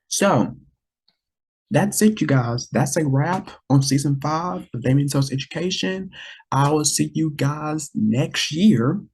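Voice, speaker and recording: A man's voice: medium pitch, creaky, a little mellow, breathy edge. A man hosting his own podcast, talking to listeners in an earnest, rambling way, often repeating words and restarting. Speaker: podcast host. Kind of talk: casual solo podcast talk.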